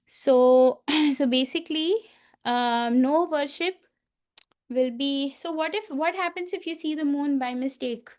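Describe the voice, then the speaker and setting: Slow, high-voiced woman telling a story. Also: darkish tone. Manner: slow storytelling with many fillers and asides. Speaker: teacher. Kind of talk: storytelling to children in a festival class.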